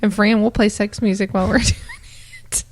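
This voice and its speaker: A woman's voice: medium pitch, level tone, fairly quick, slight background noise. A woman co-hosting a paranormal radio show, chatting casually with frequent giggles and plenty of enthusiasm. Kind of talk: casual banter.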